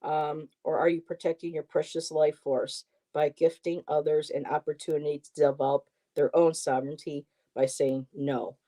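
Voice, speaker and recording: A woman's voice: low-pitched, flat delivery, normal speed, few pauses. A woman co-hosting a livestream, chatting with viewers and reading tarot cards aloud with casual asides. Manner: chatty, warm-hearted, reads card text aloud with asides. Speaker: tarot reader and livestream co-host.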